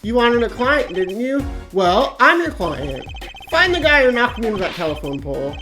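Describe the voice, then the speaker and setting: A woman putting on a laid-back, teasing father with a low, dry delivery that shifts freely in tone. Game music plays behind him as the lines are read on stream. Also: very animated, normal speed, fairly bright tone. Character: weary laid-back father, adult man, jokey. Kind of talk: reading game dialogue aloud on a stream.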